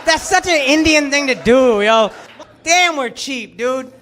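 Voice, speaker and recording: This thirties-aged comic speaks in a very high-pitched voice with lively intonation and an unhurried delivery. He does brash, profane crowd work on a club stage, ribbing people through a handheld mic as the audience laughs loudly and claps.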